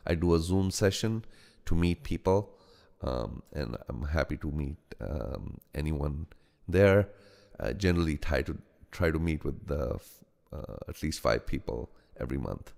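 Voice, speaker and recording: A man with a blended American and Indian accent speaks in a low, smooth, resonant voice, greeting his live-stream audience by name. His delivery is unhurried and full of ums and small restarts, and a long reverberant tail trails every phrase in his studio. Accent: American-Indian mix. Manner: halting, frequent ums and restarts, greets each viewer warmly by name. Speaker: host of a live meditation stream. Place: home studio.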